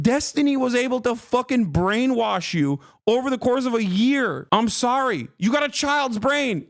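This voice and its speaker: A man's voice: very high-pitched, no room sound, studio quality. A male streamer in a heated reaction rant, angry, swearing, and mocking.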